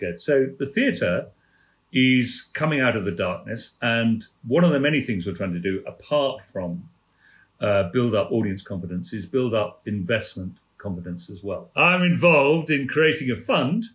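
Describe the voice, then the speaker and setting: A man, a theatre producer telling anecdotes on a chat show, animated and laughing as he goes. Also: on the low side, roomy sound. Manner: animated storyteller, laughing mid-story.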